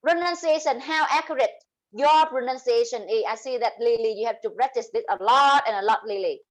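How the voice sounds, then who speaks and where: Vietnamese-accented woman teaching english online, pretty high voice, explains stuff slowly. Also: low-quality recording. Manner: switches between English and Vietnamese explanations, drawn-out examples. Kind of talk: online class lesson.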